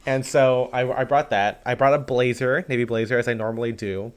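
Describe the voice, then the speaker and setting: A man's voice: mid-range voice, fairly even intonation, a little fast, clean tone. Rambling chatty man. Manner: rambling, many fillers and restarts. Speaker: podcast co-host. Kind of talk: casual chat.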